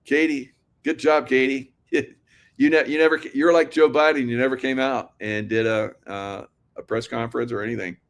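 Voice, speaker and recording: A man's voice: mid-range voice, fairly even intonation, brisk. A man hosting an online commentary show, talking casually to viewers in a rambling, sardonic way with frequent laughs. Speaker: political commentary host.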